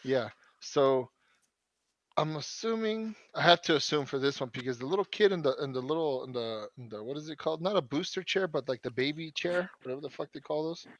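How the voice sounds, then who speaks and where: A man's voice: fairly high pitch, lively intonation, a little fast, no room sound, lo-fi sound. Rambling, profane young man storyteller. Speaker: podcast co-host. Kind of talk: casual chat.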